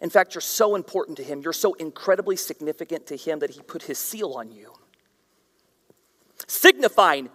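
A man preaching a sermon as a pastor, swinging from shouted emphasis down to hushed whispers. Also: on the high side, lively intonation, moderate pace. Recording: reverberant hall, voice at times far from mic.

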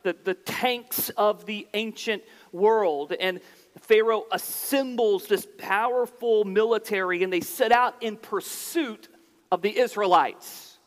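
A man with a very high voice preaches slowly and deliberately, unpacking scripture as he goes. He restarts phrases for emphasis. His words ring out with the long reverb of a large hall. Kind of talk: sermon.

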